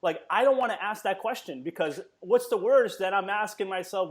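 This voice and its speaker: A man's voice: sits high, fairly quick. A man hosting an interview, enthusiastic and full of praise for his guest. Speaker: podcast host.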